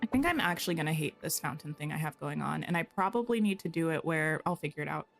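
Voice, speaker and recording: A woman's voice: low voice, expressive, fast talker, gravelly, faint music behind. A woman chatting casually while livestreaming a game, thinking aloud and tossing in playful asides to her viewers. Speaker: game streamer.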